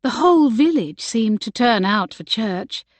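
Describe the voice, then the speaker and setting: A woman narrating a romance novel in a gentle storytelling manner. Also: on the high side, animated, a little slow, dry recording. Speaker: audiobook narrator. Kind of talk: scripted narration.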